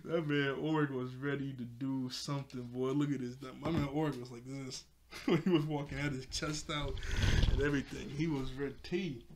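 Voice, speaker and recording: A man's voice: mid-range voice, steady tone, moderate pace, a little hiss or hum. Male reviewer with a mid-range voice, chatty and loose, laughs a lot, many fillers, casual recap. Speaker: show reviewer.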